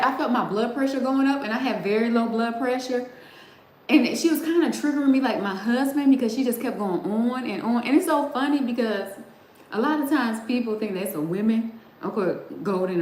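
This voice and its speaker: A woman's voice: a little high, a little mellow. Chatty middle-aged woman in a roomy space. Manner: chatty, laughs often, talks straight to the chat. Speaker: livestream host. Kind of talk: casual chat with live viewers. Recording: roomy sound with faint background noise.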